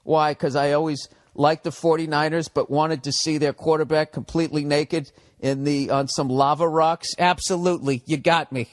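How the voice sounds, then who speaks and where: A man's voice: a little high, fairly even intonation, normal speed, hardly any pauses, dry recording. Profane sarcastic man, dry close mic. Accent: Boston. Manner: profane, sarcastic, answers his own questions. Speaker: podcast host. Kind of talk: solo comedic rant.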